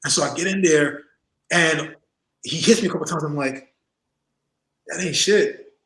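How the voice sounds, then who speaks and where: A man's voice: fairly high pitch, normal speed, reverberant, poor audio. A man in his forties, a former wrestler, telling stories in a casual interview, laughing often and acting out other people's voices. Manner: animated storyteller, acts out voices, laughs often.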